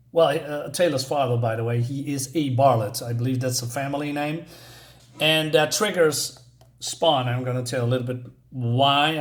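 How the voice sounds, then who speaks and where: Rambling, hesitant man reviewing a comic. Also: a little high. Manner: rambling, hesitant, many fillers and restarts.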